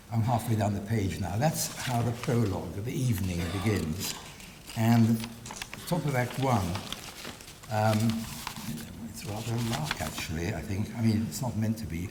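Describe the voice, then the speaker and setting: Hesitant guy giving a lecture, lots of ums, dry humor, long hall reverb and a faint rumble. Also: normal speed, recorded from a distance. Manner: hesitant, many ums, dry wry asides. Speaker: guest lecturer. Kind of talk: public lecture with read-aloud excerpts.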